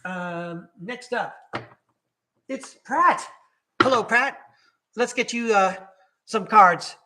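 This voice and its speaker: Man, high bright voice, chatty live-stream tarot host who laughs and self-corrects. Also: takes it slowly, slight background noise. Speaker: podcast host reading tarot.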